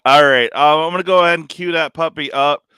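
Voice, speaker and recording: Dude streamer rambling away, bright clear voice, dry close sound, lots of "like". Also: male voice, a little high, fairly even intonation, quick pace, dry recording. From California. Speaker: stream host. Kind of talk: casual live-stream chat.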